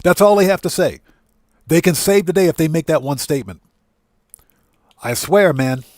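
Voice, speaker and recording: A man's voice: a little high, lively intonation, normal speed, a little mellow, no room sound, studio quality. A man hosting a livestream, ranting indignantly and greeting chatters by name. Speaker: livestream host.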